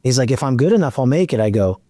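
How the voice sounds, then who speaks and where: A man's voice: mid-range voice, fast talker, dry recording. A middle-aged man hosting a podcast, telling a long story in a casual chat and acting out the dialogue. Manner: animated, acts out dialogue in his storytelling. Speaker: podcast host.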